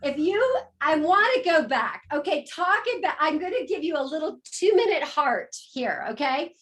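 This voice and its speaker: High-voiced woman hosting a call. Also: expressive, normal speed, fairly bright tone. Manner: emphatic, heartfelt, repeats phrases for emphasis. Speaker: host. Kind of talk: enthusiastic introduction on a call.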